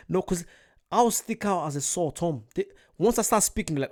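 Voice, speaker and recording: A man with an English accent, rambling and joking in a casual reaction chat. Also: a little high. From England. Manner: animated, chatty and rambling, quick to joke. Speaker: reaction video host.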